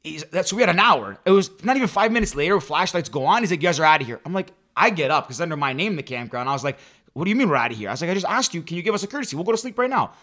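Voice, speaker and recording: A young man from Canada, co-hosting a podcast, telling an animated story with his mother and laughing along the way. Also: fairly high pitch, racing. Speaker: podcast co-host. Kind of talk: casual storytelling chat.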